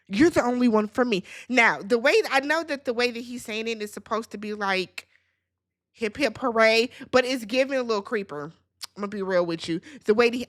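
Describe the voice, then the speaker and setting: Animated, sassy woman recapping a show. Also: on the high side. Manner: animated, sassy, quotes people in exaggerated voices. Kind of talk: casual recap commentary.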